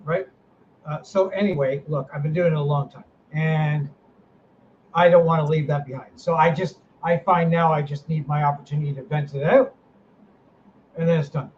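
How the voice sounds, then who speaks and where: A middle-aged man in a podcast chat whose fairly high voice swings around, ranting with heat and swearing freely. The sound is slightly dull, with a faint hiss behind it. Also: steady tone, moderate pace, darkish tone. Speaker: paranormal team director, host.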